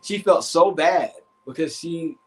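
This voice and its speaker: A man with a fairly high voice tells a story on a live stream. He is animated and swears freely as he talks. He acts out the voices of the people in his story. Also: unhurried, poor audio. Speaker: therapist and relationship coach.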